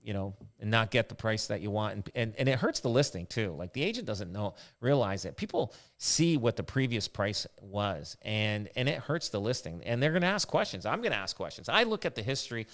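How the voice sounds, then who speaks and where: Guy on a podcast, lowish voice, rambling real estate stories, lots of restarts. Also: big pitch swings, normal speed, hardly any pauses. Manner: rambling anecdotal storytelling. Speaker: realtor and podcast host. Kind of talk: casual podcast chat.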